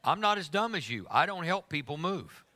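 Bright, teasing male preacher. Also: fairly high pitch, very animated, moderate pace. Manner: humorous, teasing, emphatic. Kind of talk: sermon.

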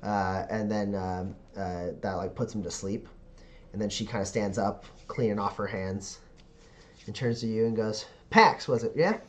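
A man's voice: lowish voice, level tone, moderate pace, darkish tone. A man running a tabletop game as game master, narrating loosely with many fillers.

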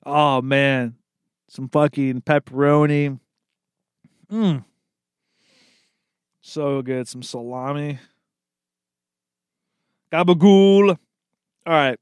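A man's voice: medium pitch, fairly even intonation, slow pace, long pauses, clear, resonant tone, no echo, studio quality. A young man riffing comedically on his own, rambling and profane, calling everyone dude and laughing at his own jokes.

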